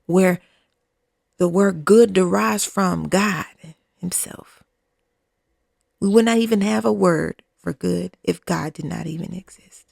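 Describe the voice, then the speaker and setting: A woman podcast host leads a fervent spoken prayer in a gravelly mid-range voice, pleading and repeating herself and often sinking to a hushed, near-whispered delivery. The clean studio sound has no room echo.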